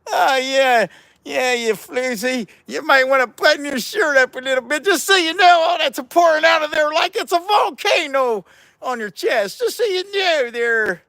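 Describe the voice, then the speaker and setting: A man voicing a grumpy, crude old man who jeers at people in a slow, high, cracked drawl. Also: lively intonation, bright, forceful tone, no room sound, full character voice. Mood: jeering. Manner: mocking, jeering.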